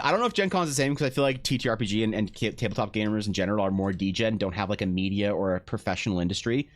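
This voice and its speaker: A man's voice: on the low side, rapid-fire, few pauses, faint music behind. A young man chatting casually on a live art stream, rambling through a story, swearing and acting out both sides of the conversation. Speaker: streaming artist.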